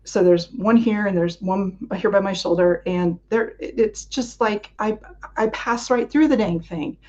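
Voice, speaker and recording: A woman speaking as a guest, retelling a personal experience as a vivid story. She acts out her own past thoughts while she talks. Her voice sits at a middle pitch, and the recording sounds a little dull and lo-fi. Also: measured pace, a little mellow. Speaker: interview guest. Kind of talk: recounting a personal experience in an interview.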